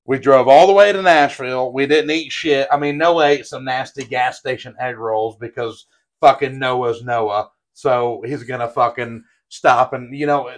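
A man's voice: mid-range voice, moderate pace. Rambling, profane male podcast host. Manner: profane, rambling storyteller with stammered restarts. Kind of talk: casual crude chat.

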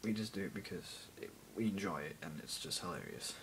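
Teen boy, deep voice, random jokey vlog chatter, phone camera, faint rumble. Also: big pitch swings, fairly quick, vocal fry, low-quality recording. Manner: random, jokey, self-mocking, mutters asides. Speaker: vlogger. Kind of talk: rambling casual vlog.

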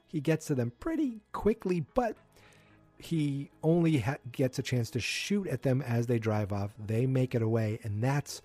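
Male podcast host, casual animated recap, mellow and breathy tone. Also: medium pitch. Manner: animated retelling, briefly mimicking characters' lines. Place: indoors at home.

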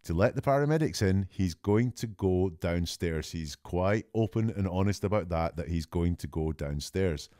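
Man, very low voice, mellow tone, dry close sound, measured analytical commentary. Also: lively intonation, no room sound. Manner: measured, deliberate, often slows for emphasis. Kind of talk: analytical commentary on a recorded call.

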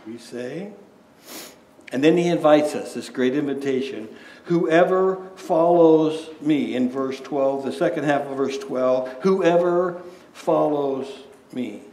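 A man's voice: on the high side, takes it slowly, mellow. A man preaching a sermon as pastor, conversational, asking rhetorical questions and often restarting his words. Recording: echoey room.

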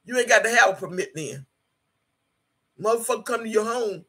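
A woman's voice: a little high, expressive, fairly quick, fairly bright tone, slightly rough. A woman livestreaming in a casual way, reading viewers' chat comments aloud in a blunt, emphatic manner, swearing freely and switching into prayer. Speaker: YouTube live streamer.

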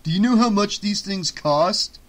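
A brash, hot-tempered young man, as a male narrator plays him. He blusters and yells, his voice pushed louder and higher than the reader's plain narration. The acting stays in an audiobook register. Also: lively intonation, moderate pace, breathy edge. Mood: angry. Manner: loud, blustering, mocking. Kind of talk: audiobook character voice.

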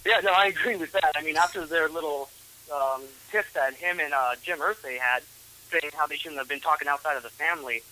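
A man's voice: a little high, brisk, pushed and bright, poor audio. Hesitant male sports analyst. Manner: hesitant, many fillers and restarts.

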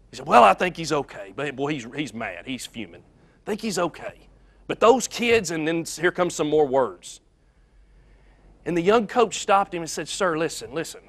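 A man preaching a sermon, telling a story earnestly and swinging between loud and soft passages. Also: medium pitch.

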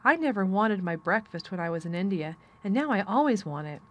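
A woman's voice: mid-range voice, animated, fairly quick, natural voice. A serious, earnest little girl who talks in a direct, matter-of-fact way, read by a woman in an audiobook. Her voice lifts a touch above the reader's own.

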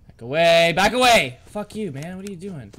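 A man's voice: high voice, expressive, normal speed, fairly bright tone. A man doing let's-play commentary, frantic and swearing as he barks orders at the game. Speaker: gamer.

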